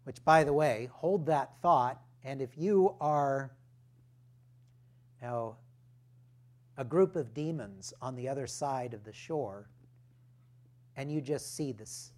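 A male pastor preaching a sermon, deliberate and emphatic, with rhetorical questions and firm points. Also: medium pitch, a little mellow.

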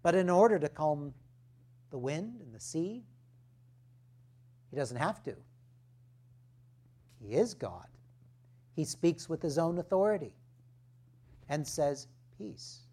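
A male pastor preaching a sermon, deliberate and emphatic, with rhetorical questions and firm points. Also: fairly high pitch, big pitch swings, warm tone.

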